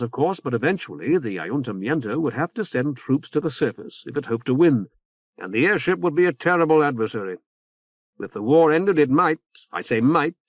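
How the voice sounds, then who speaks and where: A man voicing a calm young male leader who speaks in a measured way. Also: mid-range voice, no room sound, natural voice. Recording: tinny phone-like band.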